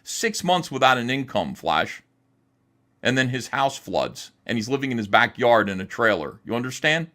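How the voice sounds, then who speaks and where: A man's voice: mid-range voice, very animated, moderate pace, bright, forceful tone. Angry man ranting on a livestream. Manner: heated, profane, emphatic. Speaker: livestream host. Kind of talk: angry livestream rant and chat reading.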